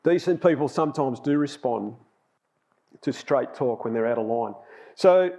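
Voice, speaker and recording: A man's voice: medium pitch, animated, normal speed, warm tone. A man giving a sermon, telling personal stories in a chatty way and laughing at himself. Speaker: lay preacher.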